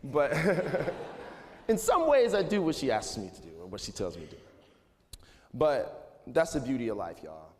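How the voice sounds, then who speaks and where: A man's voice: medium pitch, very animated, a little slow, long pauses. A man in his thirties gives a casual motivational talk to students in a school auditorium, rambling loosely and filling his speech with "like" and "you know". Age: 30s. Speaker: speaker addressing students. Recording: echoey hall with faint noise.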